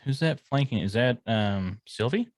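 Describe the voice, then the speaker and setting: A man's voice: mid-range voice, lively intonation, unhurried, dry recording. A man co-hosting a podcast in casual chat, laid-back with dry jokes and short agreeing replies. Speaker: podcast co-host.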